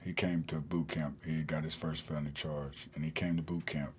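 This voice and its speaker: A man's voice: extremely low pitch, little pitch movement, moderate pace, a little hiss or hum. A man, a podcast guest telling a long story in a rambling way with many fillers and restarts. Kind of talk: casual storytelling in an interview.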